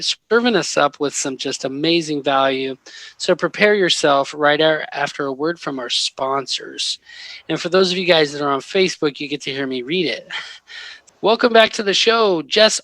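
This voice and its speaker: Bright, chatty man hosting a podcast. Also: fairly high pitch, dry recording. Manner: chatty, rambling, laughs often. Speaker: podcast host. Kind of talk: casual interview chat.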